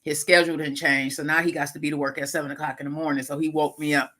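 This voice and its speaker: A middle-aged woman chats casually on a live stream, her voice bright and ringing even though she is stuffed up and keeps clearing her throat. She is lively and talkative and keeps turning to her viewers with a friendly y'all. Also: sits low, quick pace. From Lackawanna, New York, USA. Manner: chatty, animated, laughing asides, calls audience y'all. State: congested, runny nose, clearing throat. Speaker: livestream host.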